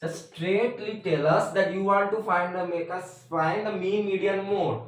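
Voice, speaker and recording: A man's voice: sits high, steady tone, measured pace. Echoey chatty man teaching math. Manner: chatty, joking asides, frequent "means" fillers. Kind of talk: casual math tutorial. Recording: very echoey room, mic at a distance.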